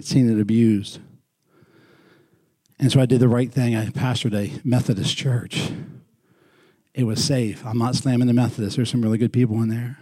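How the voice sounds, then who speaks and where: Conversational male pastor with a warm voice. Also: medium pitch, flat delivery, normal speed. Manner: conversational, prods the congregation with questions; repeats words for emphasis. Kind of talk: sermon. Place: small church.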